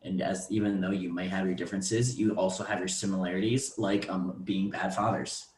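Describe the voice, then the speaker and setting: Young guy chatting about a movie, low voice, lots of ums, roomy echo. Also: fairly even intonation, brisk, darkish tone. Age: young adult. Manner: thoughtful, many ums and restarts. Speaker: podcast co-host. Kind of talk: casual movie discussion.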